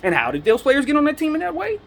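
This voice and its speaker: A man's voice: extremely high pitch, wildly swooping pitch, fast talker, vocal fry. A man hosting a basketball commentary show, giving a fired-up, preachy opinion monologue full of rhetorical questions.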